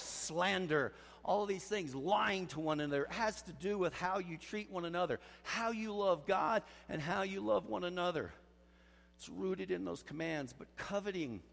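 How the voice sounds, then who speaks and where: Preaching man with a higher voice in a reverberant hall. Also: gravelly. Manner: swings from quiet intensity to loud pleading emphasis. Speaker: pastor. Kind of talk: sermon.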